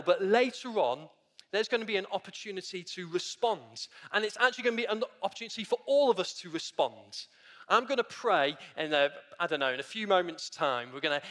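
A man's voice: high voice, a bit bright, long reverb tail. A man preaching a sermon in a church, earnest and repetitive, calling his listeners friends and guys. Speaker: pastor.

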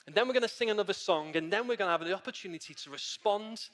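A man's voice: sits high, quick pace, a bit bright, in a large hall. A man preaching a sermon in a church, earnest and repetitive, calling his listeners friends and guys. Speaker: pastor.

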